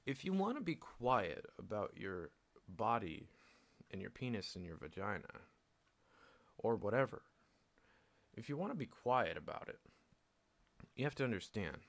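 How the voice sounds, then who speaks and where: Streaming solo, a man with a fairly low, creaky voice rants bluntly at a moderate pace, very animated yet prone to long pauses. He swears a lot, laughs often, and acts out both sides of conversations in this casual monologue.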